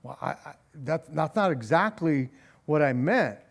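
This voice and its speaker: High-voiced, unhurried pastor teaching scripture. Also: male voice, lively intonation, creaky. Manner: reads scripture aloud, then talks it through with wry sarcasm; frequent repeated words and chuckles. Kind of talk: conversational Bible study sermon.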